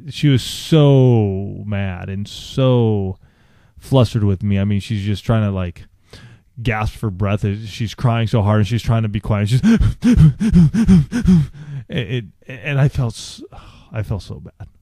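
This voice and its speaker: A man co-hosting a podcast, telling a candid personal story in a halting way, with many restarts and fillers. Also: on the low side, lively intonation, warm tone, dry recording, clean studio sound. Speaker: podcast co-host.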